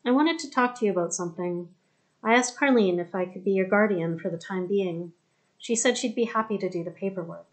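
A woman narrating an audiobook voices a gentle, kind woman doctor. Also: medium pitch, brisk, lightly acted, low-quality recording. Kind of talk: audiobook character reading.

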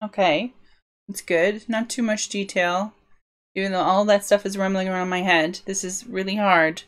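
Her mid-range voice holds a steady tone at a moderate speed as she livestreams from the United Kingdom. She designs a tabletop game setting and thinks out loud in a meandering, self-interrupting way.

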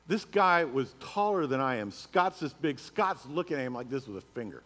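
A man's voice: medium pitch, big pitch swings, moderate pace, a bit bright. Middle-aged male pastor, storytelling sermon voice, reverberant church hall. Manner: storytelling, rising to emphatic preaching. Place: church sanctuary.

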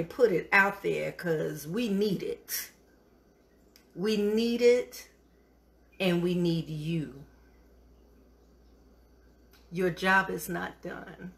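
A woman's voice: lowish voice, vocal fry. A middle-aged woman hosting a live cooking show, encouraging and a bit preachy, calling her viewers honey as she chats.

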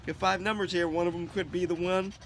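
A man's voice: sits high, steady tone, fairly quick, creaky, a little hiss or hum. A man vlogging casually as he scratches lottery tickets, joking, mocking himself and swearing freely.

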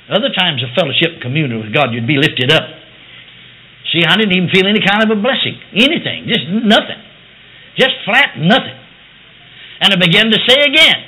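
A man preaching a sermon testimony, animated, moving between quiet asides and loud declarations. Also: fairly high pitch, husky, rough recording. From United States.

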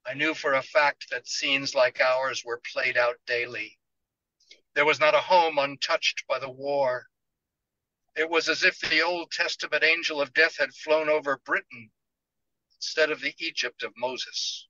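A man, an author, reading his novel aloud in measured first-person literary narration. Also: fairly high pitch, steady tone, sharp tone, no room sound, dull audio.

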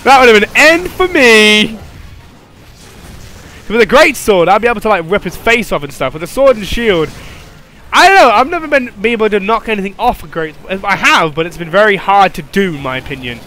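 Excitable young man yelping through gameplay. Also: high voice, brisk. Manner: excitable, yelping and laughing, swings from mutters to shrieks; joking, rambling banter at the game's monster. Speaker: gameplay commentator. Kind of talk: live gameplay commentary.

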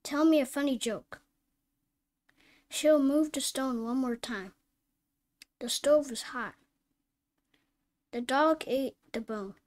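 A woman with a high voice reads phonics word lists aloud. She takes each word very slowly and distinctly, as a reading teacher would. Now and then she stops to correct herself. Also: a little mellow. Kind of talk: slow word-list reading lesson.

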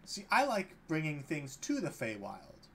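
A man's voice: a little high, huge pitch swings, unhurried, bright, forceful tone, a little hiss or hum, exaggerated voice. A man voicing a smug male fox-headed fey lord who collects things, speaking in a grand, theatrical, self-satisfied way. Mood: boastful.

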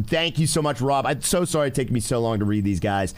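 Male game streamer, upbeat and chatty with viewers, slightly high voice. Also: brisk, hardly any pauses. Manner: excitable, talks to chat constantly. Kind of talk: live gameplay commentary.

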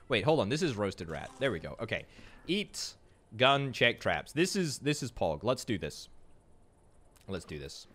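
His voice is on the low side, very animated and fairly bright, with soft music in the background. This man from Scotland, with a Scottish accent, games on a livestream and banters with viewer chat through fast jokes.

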